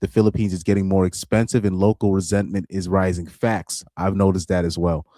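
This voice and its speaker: This is a man doing casual livestream commentary. His voice is low and deep, with a villainous edge he jokes about himself. He drifts between laughs and half-finished thoughts, recorded close and dry. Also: little pitch movement, fairly quick, warm tone, no room sound. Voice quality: deep voice he calls super villain-like. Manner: laid-back, laughs often, trails off and restarts. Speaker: reaction streamer.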